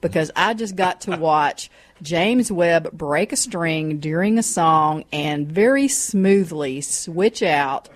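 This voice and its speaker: A woman's voice: sits low, takes it slowly. A woman with a Midwest American accent co-hosting a casual radio show in a station studio, giggly and enthusiastic.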